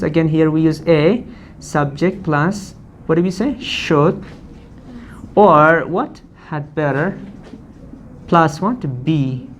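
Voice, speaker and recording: A woman's voice: lowish voice, darkish tone, a little hiss or hum. Woman teaching grammar, asking questions. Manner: asks the class questions and answers them herself; repeats and spells out forms slowly. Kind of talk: classroom grammar lesson.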